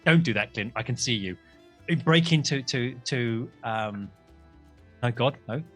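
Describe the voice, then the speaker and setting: A man's voice: mid-range voice, animated, a little slow, a bit bright, breathy edge, faint music behind. A man running a tabletop game live, describing the scene in a loose, rambling way full of restarts and asides. His voice rises and falls a lot, with light jokes along the way. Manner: rambling, self-correcting, jokey. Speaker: game master.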